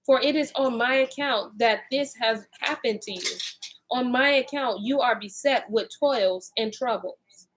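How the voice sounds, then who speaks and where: A woman's voice: on the high side, a little slow, noisy background, natural voice. A woman reading the lines of a remorseful, fierce first mother, in her own voice. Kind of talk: reading scripture aloud.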